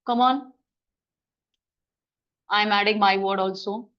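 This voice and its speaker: A woman teaching a grammar lesson in a classroom, brisk and coaxing as she quizzes students. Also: mid-range voice, steady tone, dull audio.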